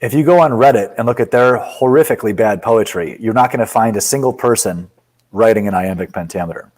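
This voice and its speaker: Blunt, opinionated male poet guest, slightly low voice, casual talk. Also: a little fast, darkish tone, poor audio. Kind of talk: casual interview chat.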